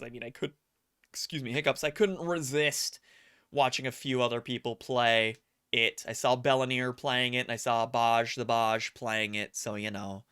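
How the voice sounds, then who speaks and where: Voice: mid-range voice, fairly even intonation, normal speed, a bit bright, clear, resonant tone. A live streamer chatting casually with viewers, telling stories in a rambling way, acting out quotes and poking fun at themselves. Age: adult. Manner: rambling storyteller, acts out quotes; self-mocking.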